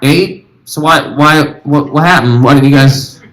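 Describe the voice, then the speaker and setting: High-voiced rambling stand-up comedian. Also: male voice, a little slow, low-quality recording. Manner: animated, rambling, talks to the audience. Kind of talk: stand-up comedy with crowd work. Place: live comedy venue.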